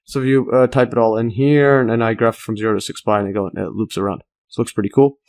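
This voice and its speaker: A man's voice: mid-range voice, little pitch movement, quick pace, a little mellow. A man explaining a math graph as he works, thinking aloud with many fillers, restarts and enthusiastic asides. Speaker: math tutor. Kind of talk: casual screen-recorded math walkthrough.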